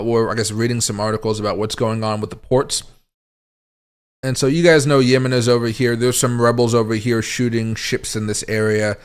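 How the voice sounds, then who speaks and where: A man's voice: on the low side, smooth. Rambling man talking crypto charts live. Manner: rambling, thinks aloud over charts. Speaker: crypto market streamer. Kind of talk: casual livestream market commentary.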